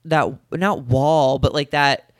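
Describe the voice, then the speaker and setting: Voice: mid-range voice, fairly even intonation, takes it slowly, dry recording, studio quality. A supportive friend in casual chat, offering wry advice.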